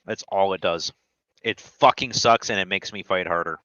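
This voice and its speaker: Low-voiced ex-soldier, dry lo-fi sound. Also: male voice, moderate pace, bright, forceful tone, no room sound. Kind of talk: casual profane chat.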